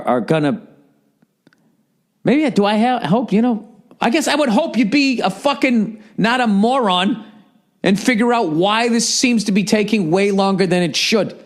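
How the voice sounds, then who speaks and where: A man's voice: high voice, lively intonation, moderate pace. A man in his forties ranting casually and profanely on a solo podcast, exasperated. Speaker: podcast host.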